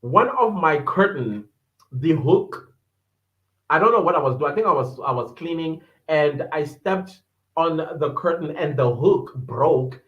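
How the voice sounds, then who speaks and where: A man's voice: a little high, animated, unhurried. A man hosting a livestream podcast, chatting casually, laughing often and greeting viewers by name as he reads their comments aloud. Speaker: podcast host reading live chat. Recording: echoey room, dull lo-fi sound.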